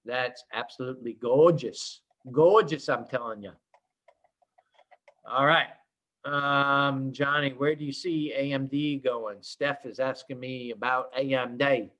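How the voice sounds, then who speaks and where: A man's voice: medium pitch, steady tone, slow, pushed and bright. A man teaching a live day trading room in a casual, rambling way, with many fillers and restarts. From schooled in Oklahoma. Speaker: trading instructor.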